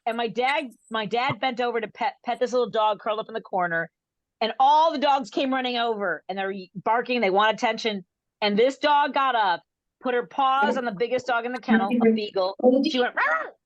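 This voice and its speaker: A woman comic tells a story on a video call, her voice a touch high and recorded close and dry. She keeps interrupting herself, restarting sentences and chuckling at her own punchlines. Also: fairly quick, no echo, muffled recording. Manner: rambling, self-interrupting, laughing at her own jokes. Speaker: stand-up comedian.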